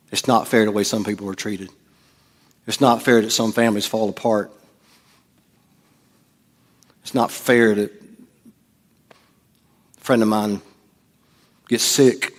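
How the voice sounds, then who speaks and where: A middle-aged man, preaching a sermon as pastor, swinging from hushed asides to loud, animated delivery. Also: fairly low pitch, slow pace, long pauses, long reverb tail.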